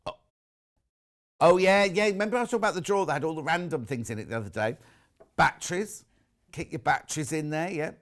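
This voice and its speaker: A man's voice: a little high, fast, long pauses. Chatty British TV sales presenter, man. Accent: British English. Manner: chatty, reads out viewer messages. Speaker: shopping channel presenter. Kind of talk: live TV sales chat.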